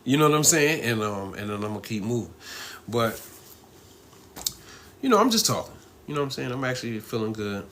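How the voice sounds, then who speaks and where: A man's voice: medium pitch, very animated, fairly quick, long pauses, a bit bright, a little hiss or hum. A middle-aged man hosting a casual live stream, talking in a loose, rambling way, laughing often and asking "you know what I mean?".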